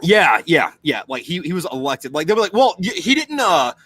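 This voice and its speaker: Young man, podcast chat, profane, rambling, slightly high voice, bright. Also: sing-song, normal speed.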